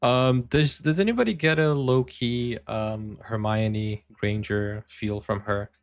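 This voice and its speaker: A man hosting a reaction video, talking casually and hesitantly with many pauses and laughs. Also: fairly low pitch, no echo. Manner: hesitant, many fillers and restarts, laughs often.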